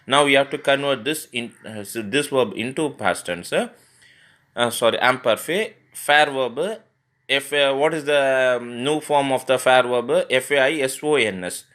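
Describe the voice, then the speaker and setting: A male teacher from India walks through a French grammar exercise, at a middle pitch. He spells verbs out letter by letter and fills his pauses with "uh" as he explains each step. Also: sharp tone. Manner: spells words letter by letter, many fillers. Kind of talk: recorded grammar lesson.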